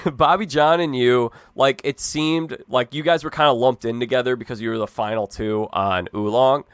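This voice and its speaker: A man hosting an interview, asking curious, friendly questions in a relaxed way. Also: mid-range voice, normal speed, smooth, dry recording, clean studio sound. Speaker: podcast host.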